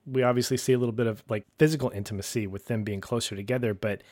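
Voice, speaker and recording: A man co-hosting a podcast recaps a TV episode in casual chat, animatedly acting out the characters' lines. His voice is mid-range and very fast, recorded dry in studio quality.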